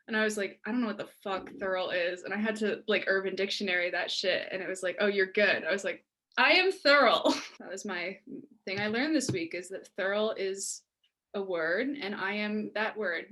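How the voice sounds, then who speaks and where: A young woman from Pittsburgh co-hosts a casual podcast, speaking at medium pitch and a moderate pace. She tells stories animatedly, acting out quotes and laughing along the way.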